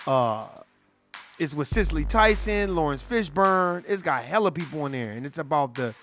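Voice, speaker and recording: A man's voice: a little high, lively intonation, normal speed, fairly bright tone, soft background music. A man delivering a profane, heated political rant in street slang. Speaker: commentator.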